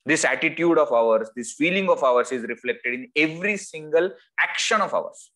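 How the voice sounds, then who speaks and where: A man with an Indian English accent giving a spiritual discourse over a video call, telling stories with lively swings of voice. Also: normal speed. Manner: lively storytelling, acts out quoted voices with wide swings in pitch. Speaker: spiritual teacher. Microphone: video call microphone.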